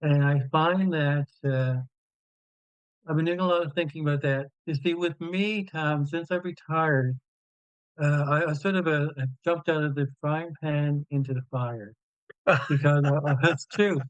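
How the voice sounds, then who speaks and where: A man from Newfoundland and Labrador, Canada, a radio show host appearing as a guest speaker, answers conversationally in an online Q&A. He stutters openly with many repeated sounds and fillers, his fairly high, clean-toned voice a little slow. The recording is dry and lo-fi.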